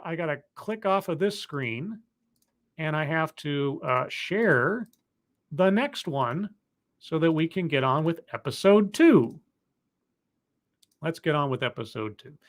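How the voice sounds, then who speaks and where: Wry, rambling episode recapper. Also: mid-range voice. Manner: wry, sarcastic asides; rambling, with fillers and restarts while clicking through footage. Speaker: show reviewer hosting a live stream. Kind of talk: casual episode recap commentary.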